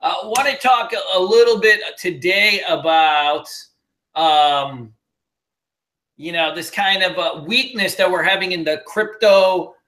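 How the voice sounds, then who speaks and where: This is a man with a high, bright voice, hosting a live webinar from home. He talks in a loose, joking, energetic way with lots of ums and uhs. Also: unhurried. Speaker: webinar host and trading mentor. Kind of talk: casual live webinar chat.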